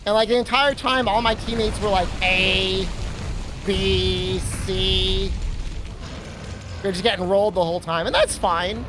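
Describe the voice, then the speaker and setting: A man with a high voice chats casually on a livestream, wandering through a self-deprecating story. He talks into a desk mic, and a clear layer of background noise runs underneath. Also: fairly even intonation, a little slow. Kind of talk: casual stream chatter.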